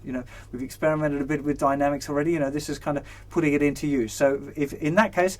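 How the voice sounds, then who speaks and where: A man's voice: fairly high pitch, fast talker. Upbeat man teaching guitar. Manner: relaxed and encouraging, counts beats aloud. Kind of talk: instructional lesson. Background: guitar strumming.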